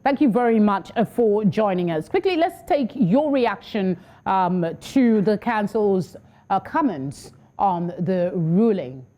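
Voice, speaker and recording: A woman presenting TV news and interviewing a guest, composed and brisk. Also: mid-range voice, expressive, mellow. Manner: composed, brisk, with some fillers. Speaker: news anchor.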